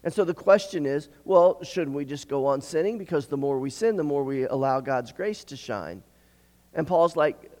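A man preaching a sermon as pastor, earnest, often repeating words and clearing his throat. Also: on the high side, moderate pace, mellow. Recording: long hall reverb.

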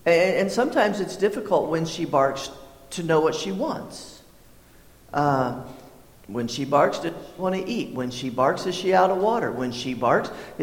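High-voiced pastor preaching in echoey hall. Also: male voice. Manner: conversational, repeats words, clears throat often. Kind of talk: sermon.

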